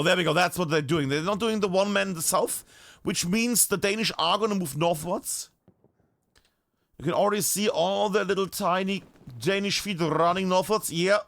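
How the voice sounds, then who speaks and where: A man's voice: sits high, no echo. A man from northern Bavaria, a German speaker, giving chatty live commentary on a team shooter match as caster. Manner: chatty, animated, swears casually. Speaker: esports caster.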